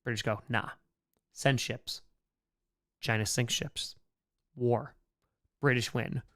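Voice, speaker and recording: Speaking at a medium pitch, a young man runs a live-streamed history class with lots of energy and humor. He responds to chat while sprinkling in sarcastic comments and rapid little acted-out exchanges.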